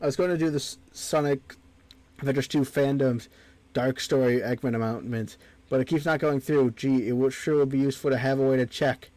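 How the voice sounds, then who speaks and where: A man's voice: mid-range voice, fairly even intonation, a little fast, a little mellow, no room sound. A man streaming a game, chatting casually and reading the on-screen text aloud. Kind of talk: casual gameplay commentary.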